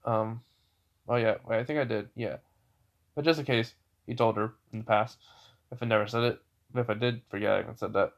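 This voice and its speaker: A man's voice: lowish voice, fairly even intonation, a little fast, pauses often, muffled recording. Rambling casual male storyteller. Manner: rambling, many fillers and self-corrections. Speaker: fan storyteller. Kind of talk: casual improvised story retelling.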